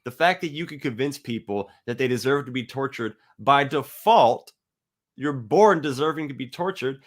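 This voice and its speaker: A man giving a heated, profane monologue to his viewers, blunt and argumentative, sometimes reading a passage aloud slowly. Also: medium pitch, lively intonation. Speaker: atheist video host. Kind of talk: ranting monologue to camera.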